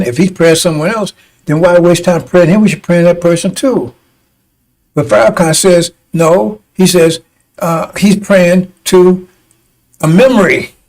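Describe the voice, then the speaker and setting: A man's voice: high-pitched, normal speed, a little mellow, rough recording. A man preaching in a combative, rambling way, often breaking off to ask "see?". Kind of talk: fiery preaching broadcast.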